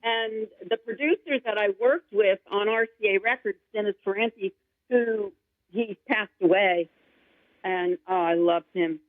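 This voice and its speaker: A woman singer-songwriter chats as an interview guest, rambling from one thought to the next with eager excitement. Her voice comes through a thin, phone-like line. The sound is dry and close, with no room around it. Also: mid-range voice, measured pace, no echo. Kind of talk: casual interview chat.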